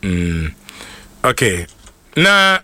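A man with a Ghanaian accent hosting a radio show, reading out shout-outs in a playful, excitable way. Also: lowish voice, extremely slow. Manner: excitable, playful, jokes and laughs between names. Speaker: radio host.

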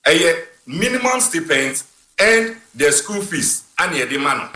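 A man speaking as a guest in a broadcast discussion, halting, with many fillers and restarts. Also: on the high side, very animated, bright, forceful tone. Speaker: guest commentator. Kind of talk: call-in discussion. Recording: roomy echo.

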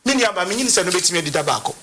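A lawyer explaining legal process on a talk show, halting and repeating words as they go. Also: mid-range voice, lively intonation, background noise. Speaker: lawyer guest.

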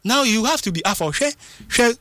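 A man giving animated football punditry, switching into local phrases and acting out what fans and coaches say. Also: high-pitched, fairly quick, no echo, studio quality. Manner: excitable, mixes English with local phrases, acts out quotes. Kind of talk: animated sports talk.

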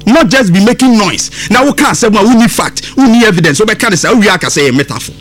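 A man's voice: sits high, lively intonation, quick pace, fairly bright tone. A man with a Ghanaian accent hosting radio political commentary, emphatic and indignant, repeating words for stress. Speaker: radio host.

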